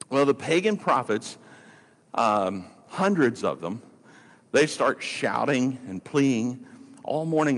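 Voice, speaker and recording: A male pastor preaching a sermon, telling a story in a lively way with playful, mocking asides. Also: medium pitch, in a large hall.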